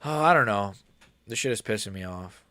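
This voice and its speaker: A man's voice: on the low side, lively intonation, fairly quick, sharp tone, no echo. A young man giving casual, profane live-stream reaction commentary, rambling and frustrated with lots of fillers. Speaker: livestreamer watching a fight.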